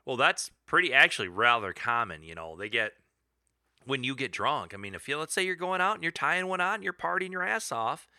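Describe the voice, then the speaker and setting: Jokey, lively man podcasting. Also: medium pitch, a little fast, dry recording, clean studio sound. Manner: laughs often, jokey storytelling. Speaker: podcast co-host. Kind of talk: casual chat.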